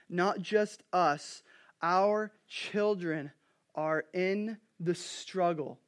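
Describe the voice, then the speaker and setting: Preacher, male, 30s, high-pitched, energetic sermon delivery with big dynamic swings. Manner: animated storytelling, swings from hushed to loud. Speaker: pastor.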